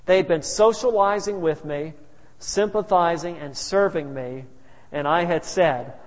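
A man's voice: on the high side, measured pace. A male pastor telling stories in a sermon, humorous and anecdotal with chuckling asides. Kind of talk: sermon storytelling. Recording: reverberant hall.

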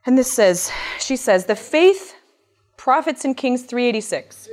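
Woman Bible teacher, slightly high voice, earnest and expressive sermon delivery. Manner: earnest and expressive, voice rising with emphasis; reads scripture aloud in a measured tone.

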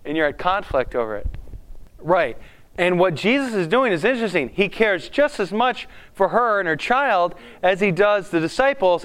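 A man preaching a conversational sermon as a pastor, often putting questions to the congregation in an animated way. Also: on the high side, clean tone.

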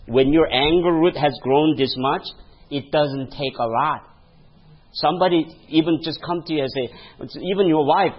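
A man's voice: medium pitch, husky, muffled recording. A male pastor preaching a sermon, telling a story and laughing at his own stories, calling out to the congregation for a response. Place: church.

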